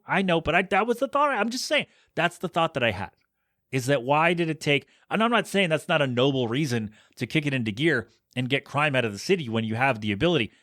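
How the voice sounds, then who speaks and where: A man hosting a podcast, giving a casual movie review in an animated way, full of rhetorical questions and exasperated asides. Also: fairly high pitch, no echo, clean studio sound. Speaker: podcast host.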